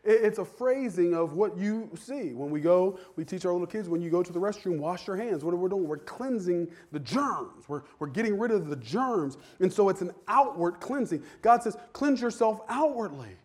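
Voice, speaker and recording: High-voiced man preaching a sermon. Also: lively intonation, normal speed, hardly any pauses. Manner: conversational preaching that builds to fervent shouting. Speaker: pastor.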